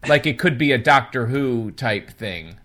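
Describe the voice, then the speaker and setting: Jokey mid-pitched man hosting. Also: lively intonation, measured pace, fairly bright tone. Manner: jokey, playful asides, hesitant. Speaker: podcast host. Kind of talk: casual chat.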